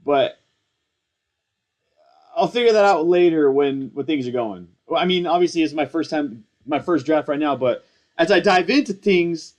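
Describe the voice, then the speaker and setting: A man's voice: fairly high pitch, moderate pace. Hyped-up young guy rambling casually. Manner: excitable, rambling, slangy, self-mocking. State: hyped up on coffee. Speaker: fantasy football content creator. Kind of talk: casual live commentary.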